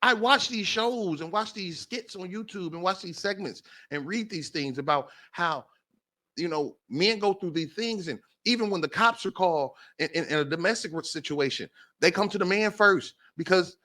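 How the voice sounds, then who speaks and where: A podcast host with a high, expressive voice and a bright, forceful tone delivers an impassioned talk-show monologue at moderate pace, repeating phrases for emphasis.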